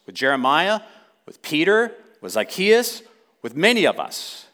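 Male pastor, sermon, somewhat high voice, very animated pitch, impassioned, swelling emphasis.

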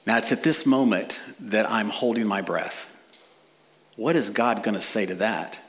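A middle-aged man preaching a sermon as a pastor, animated with dramatic pauses. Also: on the low side.

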